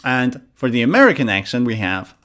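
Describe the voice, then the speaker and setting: Words are drilled slowly for repetition as a man teaches pronunciation online in a lively, animated manner. His voice sits in the mid range.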